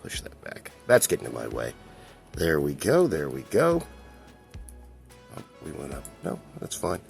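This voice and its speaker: An extremely low male voice with vocal fry and huge pitch swings talks a little slowly through a casual review of a collectible toy he's holding. The tone is chatty and meandering, broken by the odd chuckle, and faint music sits underneath.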